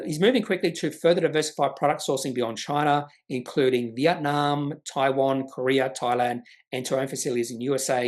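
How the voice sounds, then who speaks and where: A man giving casual stock market commentary, reading from company updates and adding his own asides. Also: on the high side. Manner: conversational, reads from reports with asides. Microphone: webcam.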